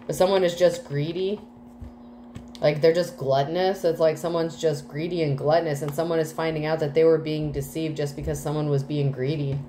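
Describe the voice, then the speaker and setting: A woman's voice: sits low, fairly even intonation, brisk, warm tone, a little hiss or hum, rough recording. A woman doing a casual tarot reading, chatty and full of fillers, with some casual swearing. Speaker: tarot reader.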